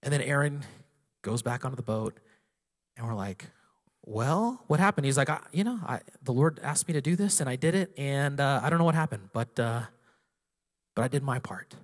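A man pastor preaching a sermon to his congregation, swelling into loud, passionate declarations and then easing into storytelling. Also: mid-range voice, brisk, long reverb tail. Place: church sanctuary.

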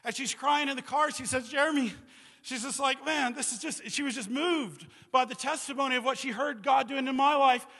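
Man in his 40s, missionary preacher, high bright voice, chatty rambling sermon, big echoey hall. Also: brisk, husky. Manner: casual, rambling with many "you know"s and "like"s. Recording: reverberant hall.

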